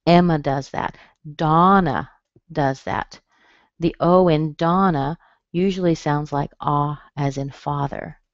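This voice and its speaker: A low-voiced woman runs an online pronunciation session, going slowly and patiently as she says words repeatedly for practice. Recorded on a computer mic, the webinar sound is dull, muffled and dry.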